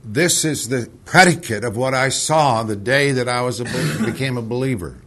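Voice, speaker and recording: A man's voice: medium pitch, normal speed, a bit bright. A man leading a Bible study, reading scripture and then pressing his point with urgency, often repeating words. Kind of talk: scripture reading and heated discussion.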